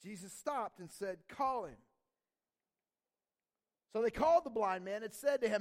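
Male pastor, sermon, animated, casual slang, high voice, very expressive. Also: measured pace, long pauses.

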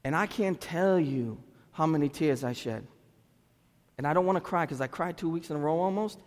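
Guy pastor preaching in church, kinda high voice, earnest and chatty, long echo off the hall. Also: moderate pace. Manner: earnest and conversational, swinging from loud exhortation to quiet confession. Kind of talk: sermon. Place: church sanctuary.

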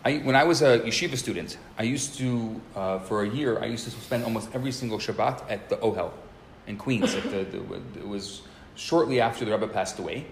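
A man in his forties, a rabbi teaching a live class, telling a story in a lively way and often restarting and repeating words. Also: on the low side, a little fast. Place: classroom at a community center. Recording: roomy live recording with faint noise.

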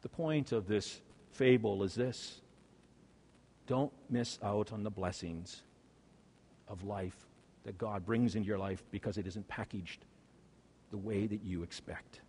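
A man preaching a sermon as a pastor. He swings between loud, slow, emphatic peaks and quiet, low endings. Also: breathy edge. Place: church sanctuary. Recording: long hall reverb.

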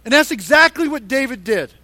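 Man, very high-pitched voice, sermon, animated storytelling, emphatic repetition, dry close sound. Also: brisk, no echo. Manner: animated Bible storytelling with acted-out quotes; emphatic, repeats points for stress. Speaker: pastor.

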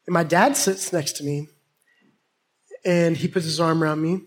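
A man's voice: fairly high pitch, fairly even intonation, normal speed. A man delivering a sermon through a personal childhood story. He tells it with humor and animation, talking straight to the congregation. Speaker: pastor.

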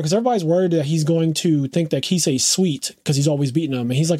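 Quick, slightly high-voiced male podcaster. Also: a little mellow, husky, no echo, clean studio sound. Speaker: podcast co-host. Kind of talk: casual chat.

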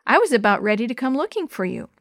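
A woman's voice: a little high, sing-song, fast talker, fairly bright tone, no echo, studio quality. A woman voicing a caring but bossy older girl in a storybook.

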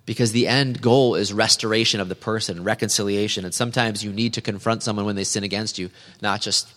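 A man preaching an earnest, measured sermon as a pastor, reading scripture aloud. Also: on the low side, fairly bright tone, long reverb tail.

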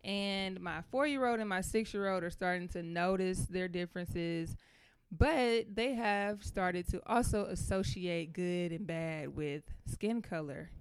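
A woman in her thirties hosting a talk show, telling stories in a lively, colloquial way. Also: on the low side, unhurried, clear, resonant tone, dry recording. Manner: animated, storytelling, Southern-style colloquial speech. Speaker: podcast host. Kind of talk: casual chat.

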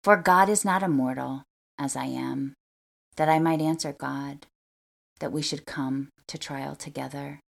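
A woman reads scripture aloud in a measured, earnest voice. Her voice sits low, with a gravelly fry running through it, and she keeps a steady, serious pace. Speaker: scripture reader. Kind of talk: scripture reading.

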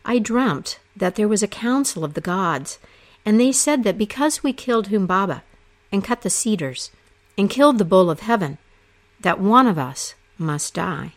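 A woman's voice: mid-range voice, expressive, moderate pace, lightly acted. A woman doing a fierce loyal wild man. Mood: grieving.

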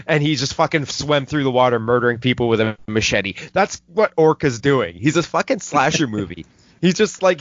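A man hosting a casual movie review podcast, swearing a lot and rambling excitedly. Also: a little high, dry recording. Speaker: film podcast host. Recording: dull lo-fi dry recording.

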